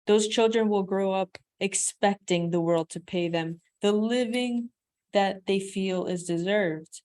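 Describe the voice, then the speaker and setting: A woman reading a self-help book aloud. She reads with lively emphasis and breaks off into chatty comments of her own. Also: mid-range voice, a little slow. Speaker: audiobook reader.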